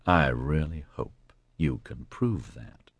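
A man's voice: rumbling low, lively intonation, slow pace, husky, no echo, exaggerated voice. A man reading the part of a harried male police chief with dry, terse speech.

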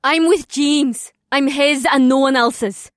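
A woman voicing a soft-spoken, devoted young woman in an audiobook story, murmuring her lines. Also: fairly high pitch, steady tone, unhurried, dry recording, studio quality, lightly acted. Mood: firm. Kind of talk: audiobook dialogue.

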